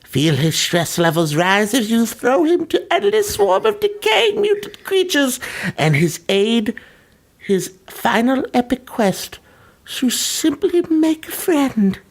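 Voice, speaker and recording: A man's voice: very high-pitched, very animated, slow, creaky, pitched above the performer's own voice, full character voice. A man putting on a creepy voice to read a game's blurb as an eerie trailer narrator, drawn out and sing-song.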